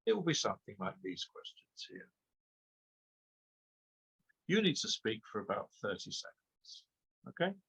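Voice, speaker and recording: A man with a slightly husky voice lectures as an exam trainer. He speaks with emphasis and keeps asking rhetorical questions, checking in with a quick "okay?" as he goes. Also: on the low side, big pitch swings, a bit bright, poor audio. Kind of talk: webinar lecture.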